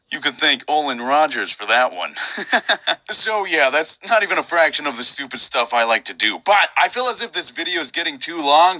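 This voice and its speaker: A young man with a high, bright, very lively voice tells funny stories on himself, jumping to loud outbursts. The sound is close and dry. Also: dry recording, rough recording. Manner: animated, self-mocking, bursts into shouting. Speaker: animation vlogger. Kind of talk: comic storytime narration.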